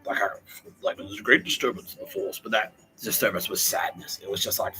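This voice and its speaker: A man in casual podcast chat, rambling and earnest, with many fillers, often dropping to a hushed mutter. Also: fairly low pitch, fairly quick, over music, low-quality recording. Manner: rambling, meandering, heavy on fillers.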